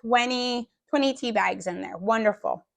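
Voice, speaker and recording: A middle-aged woman talks casually to her viewers in a rough, gravelly voice, like she says a smoker's, pitched a little high for a woman. She unpacks and comments on each item in a chatty way, throwing in small jokes. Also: normal speed. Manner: chatty and joking, with small asides. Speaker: vlogger unpacking a food bank haul.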